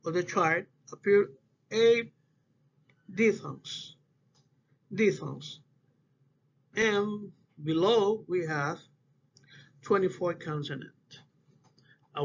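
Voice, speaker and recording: Halting high-voiced man giving a class talk. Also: animated, vocal fry. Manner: halting, restarts phrases, non-native English phrasing. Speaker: student presenter. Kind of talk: class presentation on phonetics. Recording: dull lo-fi audio with faint hiss.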